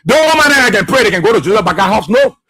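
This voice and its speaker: A Liberian man with a high, bright, husky voice hosts a radio talk show, delivering a political commentary monologue in Liberian English. He is very animated and talks in rapid-fire bursts, sounding impassioned, preachy, and repetitive.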